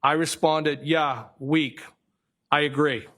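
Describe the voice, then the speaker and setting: A man with a Boston accent sits on a witness stand and reads text messages aloud into the record. His voice sits a little high for a man. He reads them flatly and haltingly, stopping now and then to correct a word. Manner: flat, halting reading with self-corrections. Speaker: trial witness.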